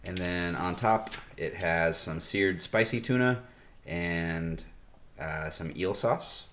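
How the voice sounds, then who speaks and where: A man with a fairly low voice chats casually as a podcast co-host. He rambles along with fillers and pauses. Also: a bit bright, slight background noise. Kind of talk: casual chat.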